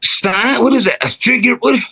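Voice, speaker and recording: A man co-hosting a podcast in casual chat, telling animated stories and acting out quoted dialogue, sometimes shouting it. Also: very high voice, normal speed, husky. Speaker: podcast co-host.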